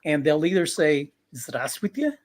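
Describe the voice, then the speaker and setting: A man's voice: a little high, brisk, breathy edge. A male livestream host who reads out viewer comments and chats with his guests in a friendly, conversational way.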